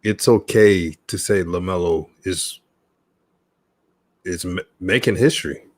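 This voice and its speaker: Deep-voiced man asking questions. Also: unhurried, dry recording. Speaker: show host. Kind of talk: interview question.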